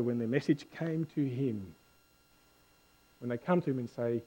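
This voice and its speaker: A male pastor giving a conversational sermon, swinging between hushed and loud lines and stumbling over repeated words when he corrects himself. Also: mid-range voice, normal speed, pauses often, breathy edge.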